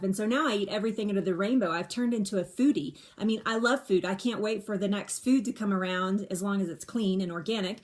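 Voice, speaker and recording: A middle-aged woman talks straight to her viewers in a relaxed live stream, pitched in an ordinary middle range. She is candid and chatty, repeating words for emphasis and often restarting mid-sentence. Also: quick pace, hardly any pauses. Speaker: livestream host answering viewer questions. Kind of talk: casual live Q&A monologue. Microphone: phone or webcam on a live stream.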